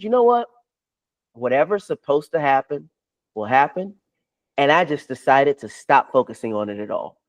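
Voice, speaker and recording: Excitable man telling a story. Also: fairly high pitch, dull audio. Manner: excited, acts out other people's lines in quotes; swears freely. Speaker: podcast guest. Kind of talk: animated storytelling.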